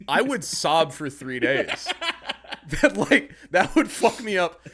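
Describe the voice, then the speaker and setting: Animated young man telling a story. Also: sits high, slow. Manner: animated, swears often, acts out his own angry outbursts. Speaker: podcast co-host. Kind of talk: casual storytelling chat.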